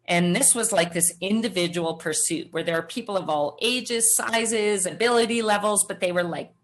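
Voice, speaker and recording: A middle-aged woman, a podcast guest, telling her personal story in an animated way and acting out the voices of others. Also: mid-range voice, moderate pace. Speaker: guest, former triathlete. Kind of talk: storytelling interview answer.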